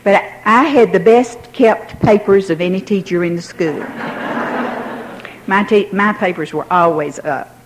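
A woman's voice: medium pitch, a little slow, noisy background. Older woman telling a wry story. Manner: wry, self-mocking, laughs through her story. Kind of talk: personal storytelling.

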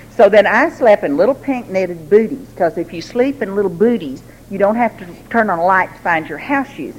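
Animated woman telling her story. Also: fairly low pitch, a little hiss or hum, poor audio. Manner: animated, laughing, acts out quoted voices. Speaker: recovery meeting speaker. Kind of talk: storytelling talk to a group.

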